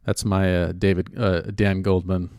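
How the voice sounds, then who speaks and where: A man with a lowish voice talks through an idea in casual commentary, weighing his words and rephrasing as he goes. The sound is dry and close, with no room behind it. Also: level tone, darkish tone, dry recording. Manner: reflective, measured, often rephrasing himself.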